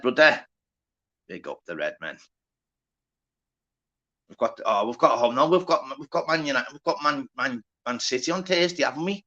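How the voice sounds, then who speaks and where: A man's voice: mid-range voice, pushed and bright, muffled recording. A man with a Liverpool accent hosting a casual live stream, chatty and sweary, greeting viewers by name. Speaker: livestream host.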